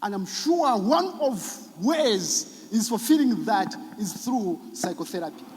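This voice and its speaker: A man with a high, lively voice gives a preaching-style talk, slow and deliberate. He jumps from loud exclamations to very soft lines, and his words ring out in a big hall with long reverb. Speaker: psychologist speaking at a church event.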